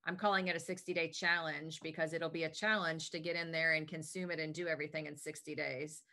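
Interviewed casually about her health business, a woman answers with chatty, upbeat enthusiasm. Her deep voice holds a steady tone, and she talks fast with a pushed, bright quality.

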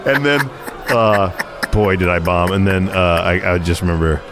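A man's voice: low voice, animated, moderate pace, loud music behind the voice. A man hosting a podcast, telling rambling, profane stories in casual chat and laughing as he goes. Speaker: podcast host.

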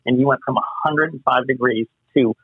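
A man telling animated stories as an interview guest, acting out the voices he quotes. His voice comes through slightly husky and very dry, with no room around it. It sounds squeezed into a narrow, phone-like band. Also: medium pitch, fairly quick, no room sound. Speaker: actor guest. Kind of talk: casual interview anecdotes. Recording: muffled phone-line sound.

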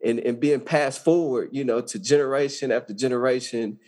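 A man's voice: medium pitch, a little fast, darkish tone. Folksy man, stumbling repeats. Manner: repeats words while finding his phrasing. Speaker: guest, judge. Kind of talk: conversational podcast interview.

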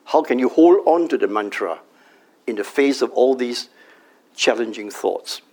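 A middle-aged man teaching a meditation workshop at a company, speaking in a calm, measured way and drawing out a chanted mantra slowly. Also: medium pitch.

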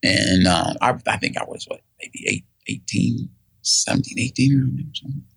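A gravelly-voiced middle-aged man rambles through a personal story, full of fillers and restarts. He slips into the voices of the people he quotes. The sound is close and dry, with no room around it. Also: fairly low pitch, expressive, normal speed, fairly bright tone, no room sound. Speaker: guest telling his story. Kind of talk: casual storytelling.

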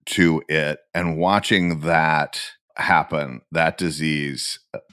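A man's voice: a bass voice, fairly even intonation, slow pace, pushed and bright, clean tone, dry recording. A man hosting a podcast interview, asking questions in an earnest, plain-spoken way. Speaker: podcast host. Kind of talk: conversational interview.

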